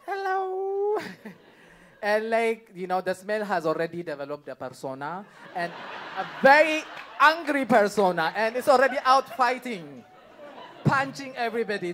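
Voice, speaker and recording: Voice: medium pitch, noisy background. A stand-up comedian doing a live set on a club stage, chatty and laughing along, with constant "like, you know" fillers.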